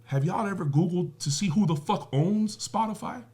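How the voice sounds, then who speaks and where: This podcast guest from the music business has a high-pitched, slightly mellow voice at normal speed. He talks emphatically, curses, and leans on rhetorical questions and everyday comparisons.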